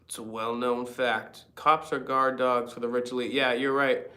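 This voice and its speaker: A man's voice: mid-range voice, little pitch movement, moderate pace, sharp tone, roomy sound. A man hosting a casual livestream chat, rambling and reading viewer comments aloud. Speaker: livestream host.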